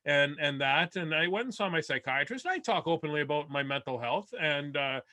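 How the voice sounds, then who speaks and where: A man's voice: on the high side, animated, brisk, pushed and bright. A male comedian from Winnipeg doing a rambling, self-deprecating stand-up set over a video call, full of restarts. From Winnipeg, Canada.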